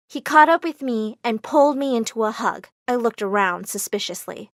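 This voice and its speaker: A woman narrating an animated story in first person, expressive and dramatic. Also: sits high, moderate pace, hardly any pauses, no echo, studio quality.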